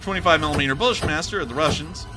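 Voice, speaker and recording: A man's voice: a little high, fast, heavy background noise. A man giving casual, joking commentary on video clips as a show host, breaking into laughs and mock voices. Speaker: war news commentator.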